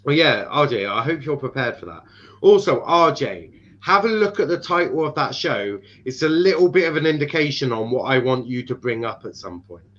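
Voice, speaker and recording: A man's voice: medium pitch, animated, moderate pace, a bit bright. A man from Ireland hosting a casual football chat stream, teasing his guests and laughing often, with frequent fillers. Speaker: host. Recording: dull lo-fi stream audio.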